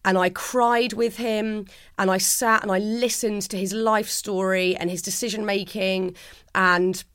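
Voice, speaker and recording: A middle-aged woman, a guest in a reflective interview, speaks in a heartfelt, earnest way and often restarts her sentences. Her mid-range voice is clear, resonant and a bit bright, with fairly even intonation and a measured pace. The clean studio recording has no room sound.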